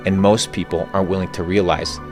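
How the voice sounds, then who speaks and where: A guest with a low, level voice speaks fairly quickly, giving motivational advice in blunt, short declarative statements. Faint music plays in the background.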